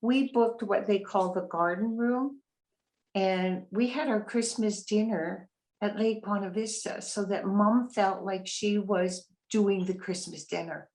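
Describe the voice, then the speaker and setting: A woman's voice: mid-range voice, measured pace, a little mellow, low-quality recording. A middle-aged woman sharing a heartfelt account of her family's experience, talking through fillers and restarts in an interview. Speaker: family member of a resident. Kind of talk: interview testimonial.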